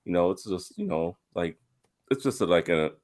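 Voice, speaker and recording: A man's voice: deep voice, animated, normal speed, darkish tone. A young man hosting a casual gaming podcast, opening with playful, upbeat introductions of his co-hosts. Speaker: podcast host.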